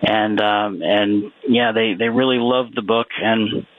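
A man's voice: lowish voice, fairly even intonation, slow pace, no echo. A man being interviewed as a guest author, talking casually with many fillers and restarts. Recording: tinny phone line.

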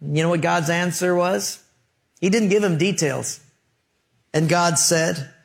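A male pastor delivers a sermon with a fairly high-pitched voice. He moves through stories in an emphatic yet conversational manner, speaking straight to the congregation. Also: a little slow, vocal fry, long pauses.

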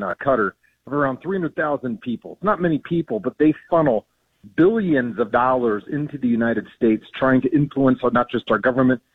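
A man with a medium-pitched, slightly rough voice calls into a radio interview as a policy guest, sounding earnest and indignant as he stumbles through frequent ums and restarts. The recording is dry and comes over a tinny phone line.

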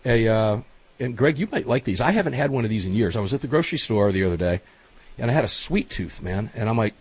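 Husky, animated male talk-show host. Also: medium pitch, quick pace. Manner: animated, chatty storyteller. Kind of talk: casual chat.

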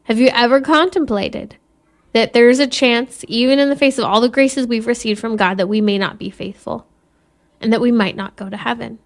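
A woman gives an earnest spiritual talk, speaking at a measured pace. Her voice sits slightly high. She talks as a Catholic mother and lets in an occasional soft laugh. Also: fairly even intonation.

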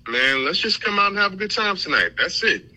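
Comedian dude on the phone, super bright voice, laid back. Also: male voice, high voice, a little fast. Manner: relaxed, easygoing talk. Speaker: guest comedian. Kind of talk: phone interview. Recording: phone line on the radio.

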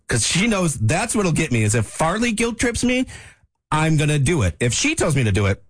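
Husky man telling jokey stories. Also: a little fast, no room sound. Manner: jokey storyteller, lively pitch. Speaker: radio show co-host. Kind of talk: casual radio chat.

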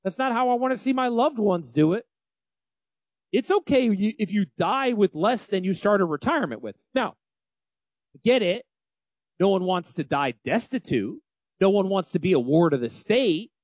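A man's voice: sits high, moderate pace, no room sound. Man, forties, Northern US accent, talk radio host, emphatic, folksy, swooping delivery. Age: 40s. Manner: animated, emphatic, folksy and self-deprecating. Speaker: financial advisor radio host. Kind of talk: casual talk radio chat.

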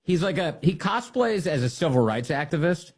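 Husky, sarcastic male radio host. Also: fairly high pitch, sing-song, moderate pace. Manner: sarcastic, scornful, laughs at his targets. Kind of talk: mocking political commentary.

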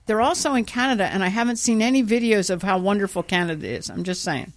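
A woman's voice: mid-range voice, quick pace. A woman co-hosting a talk radio show, chatting casually and telling stories with acted-out quotes. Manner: animated storyteller, acts out quotes.

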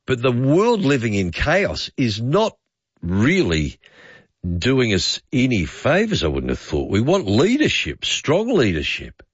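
A man's voice: medium pitch, wildly swooping pitch, unhurried, breathy edge, no echo. A man hosting overnight talkback radio, chatty and rambling as he muses aloud to callers. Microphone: studio microphone. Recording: dull dry studio sound.

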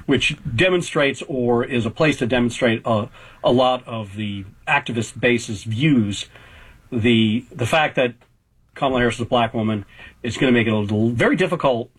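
Husky-voiced man in his fifties. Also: medium pitch, low-quality recording. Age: 50s. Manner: measured, hedging, frequent restarts. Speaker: political journalist guest. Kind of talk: conversational political analysis.

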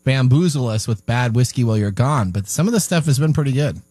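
A man's voice: medium pitch, expressive, mellow, slightly rough, dry recording. A man hosting a weekly tech radio show, chatting casually and often stumbling over repeated words. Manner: halting, repeats words when restarting. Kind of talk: casual talk radio banter.

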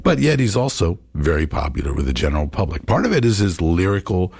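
A man's voice: sits low, very animated, quick pace, gravelly, darkish tone, husky, no echo. A man hosting a jazz radio show, musing in a loose, rambling way with plenty of fillers as he talks about records.

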